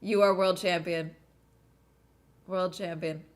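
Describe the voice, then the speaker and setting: A woman's voice: fairly low pitch, slow. Young woman reacting to a race live. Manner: excitable, laughs often, talks to herself. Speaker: streamer watching a race along. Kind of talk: casual live reaction commentary.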